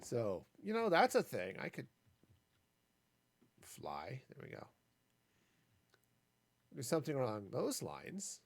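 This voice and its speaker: A man's voice: medium pitch, huge pitch swings, slow, creaky, long pauses, no room sound. A man streaming a building game, talking through his plans in a rambling way with jokey asides. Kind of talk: casual gameplay commentary.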